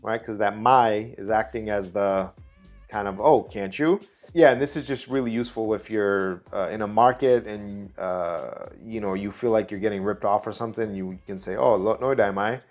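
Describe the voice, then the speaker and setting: Relaxed man teaching phrases. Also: fairly low pitch, faint music behind. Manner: relaxed, chatty, explains slowly. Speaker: travel video host. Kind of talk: casual language lesson.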